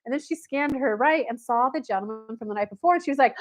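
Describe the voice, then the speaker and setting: A woman's voice: sits high, fast, hardly any pauses. A woman who coaches and gives spiritual readings, telling a story on a livestream about herself in the third person and acting out the people in it. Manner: animated storytelling, talks about herself in third person, acts out quoted voices.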